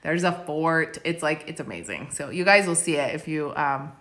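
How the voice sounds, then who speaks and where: Live-stream host, young woman, bubbly, chatty, reads comments, bright lowish voice. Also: normal speed. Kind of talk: casual live-stream chat answering viewer questions. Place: countryside village home. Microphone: phone.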